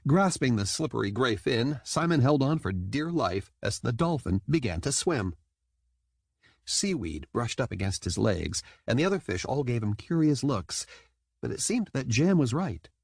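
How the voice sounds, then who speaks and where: A man reading an audiobook in scripted narration, lively and quick to slip into character voices. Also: mid-range voice, creaky, no echo, studio quality.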